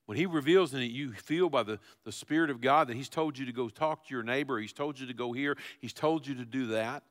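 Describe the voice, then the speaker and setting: A man preaching a sermon from the pulpit, his voice bright and forward. He swings between punchy, raised declarations and quieter, conversational asides to the congregation, keeping it loose and unscripted. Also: medium pitch. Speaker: pastor.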